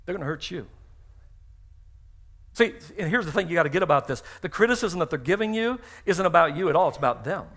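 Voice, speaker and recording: A man's voice: fairly high pitch, lively intonation, fast, fairly bright tone. A middle-aged man, a pastor, preaching a sermon in a church, telling stories with acted-out dialogue and emphatic repeated phrases. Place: church sanctuary.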